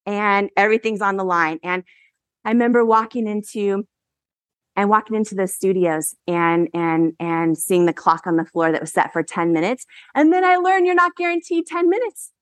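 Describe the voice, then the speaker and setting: A woman in her forties giving a motivational keynote on stage, telling stories with animated delivery and frequent laughter. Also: mid-range voice, moderate pace, dry recording. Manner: animated, laughs often, acts out quotes. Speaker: keynote speaker. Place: event stage.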